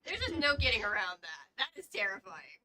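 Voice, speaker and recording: Bright-voiced woman reading a book aloud. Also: mid-range voice, sing-song, brisk, slight background noise, low-quality recording. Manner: chatty, laughs easily, asides while reading. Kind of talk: casual chat and read-aloud narration.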